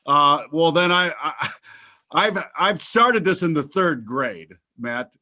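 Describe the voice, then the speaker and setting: Bright-voiced joking male podcast host. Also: on the high side, expressive, takes it slowly. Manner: loose, joking, wandering with fillers and restarts. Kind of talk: casual market talk show banter.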